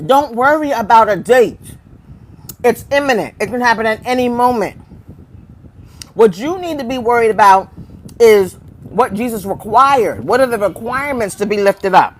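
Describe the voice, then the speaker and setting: A woman preaching live to her online viewers, emphatic and insistent. She pushes rhetorical questions at the audience and hammers key phrases through repetition. Her voice sits a little higher than most women's and comes through a phone or webcam mic. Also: expressive, normal speed, slight background noise, low-quality recording. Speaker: preacher hosting a live stream. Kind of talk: informal live-stream preaching.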